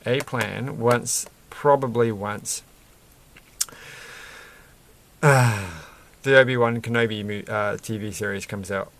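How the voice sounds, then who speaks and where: A man's voice: on the low side, fairly even intonation, slow, creaky, pauses often, a bit bright. A man chatting casually and rambling while he builds a toy set, chuckling often and breaking off mid-sentence. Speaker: vlogger building Lego sets.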